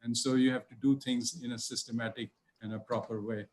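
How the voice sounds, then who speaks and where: A man from India giving a formal talk on public policy at a summit, lecturing in a quick, emphatic way. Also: medium pitch, fairly even intonation, a little mellow. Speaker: speaker at a governance summit. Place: online video session.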